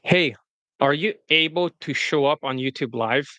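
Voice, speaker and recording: Male dating coach on a livestream: bright, forceful, cussing, scornful, dry close sound. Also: fairly high pitch, moderate pace, no room sound. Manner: blunt, profane, scornful. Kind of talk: casual livestream commentary.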